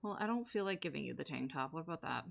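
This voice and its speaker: A woman's voice: sits low, expressive, fast, creaky, a little hiss or hum. A young woman streamer giving casual, sarcastic live commentary as she plays a game and banters with her chat.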